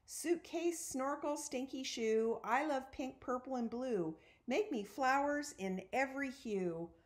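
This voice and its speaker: A bright young girl who plays at being a princess, giving grand commands and chanting little rhymes, as a woman reading a storybook puts her on. Her voice sits higher than an adult's and rings out with theatrical confidence. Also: expressive, slow. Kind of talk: storybook read-aloud.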